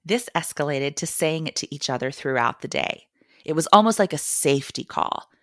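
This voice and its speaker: Woman host, low voice, wry essay reading, dry close sound. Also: expressive, moderate pace, no echo. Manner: wry, humorous storytelling. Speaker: podcast host and mother. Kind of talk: reading a personal essay aloud.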